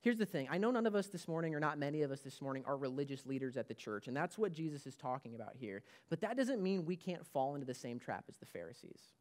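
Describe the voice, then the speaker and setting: A man's voice: fairly high pitch, lively intonation, fast talker, hardly any pauses, darkish tone. A man preaching a sermon as pastor of a church, emphatic and repeating his key points.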